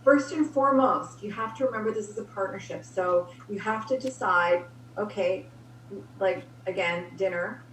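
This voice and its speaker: A woman's voice: medium pitch, normal speed, recorded from a distance. Woman, relationship advisor, upbeat, laughs a lot, off-mic, roomy echo, faint hum. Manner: upbeat, laughs often, gives practical advice. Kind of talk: casual chat.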